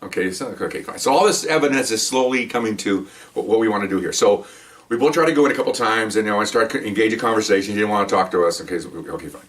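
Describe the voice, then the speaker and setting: Rambling older ex-cop telling war stories. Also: male voice, fairly low pitch, quick pace, fairly bright tone, recorded from a distance. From Mexican heritage, raised in the US. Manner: rambling, chatty, with frequent "okay?" asides and restarts. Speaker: retired police officer storyteller. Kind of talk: casual first-person storytelling to camera.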